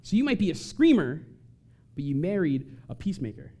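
A man giving an animated talk to an audience and acting out short quoted voices. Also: on the high side, fairly quick. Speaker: speaker on family conflict.

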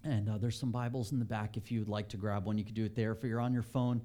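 Animated pastor telling a story. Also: male voice, fairly low pitch, quick pace. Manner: animated storytelling, acts out quotes. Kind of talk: sermon. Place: church sanctuary.

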